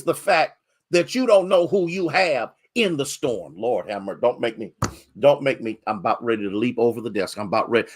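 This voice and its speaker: In a church sanctuary, a pastor preaches a sermon with lively intonation and a husky voice. He shifts from rising, drawn-out exhortations to low, quick storytelling, greeting congregation members by name.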